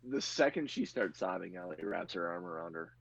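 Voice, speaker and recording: A man's voice: low voice, lively intonation, brisk, vocal fry, slightly rough, lo-fi sound. A man narrating a tabletop game as game master, with frequent fillers and laughter. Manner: filler-heavy, laughs often. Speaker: game master and podcast host.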